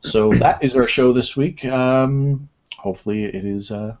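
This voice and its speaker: A man's voice: mid-range voice, measured pace, darkish tone. A man hosting a casual web radio show, rambling and self-deprecating as he runs through the segments. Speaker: host. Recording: dull lo-fi audio.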